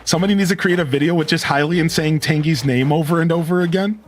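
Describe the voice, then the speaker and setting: Soft music plays behind a man whose voice sits a little high and moves fast. Streaming a game and chatting loosely, he rambles, trails off, and keeps repeating one word while he checks something.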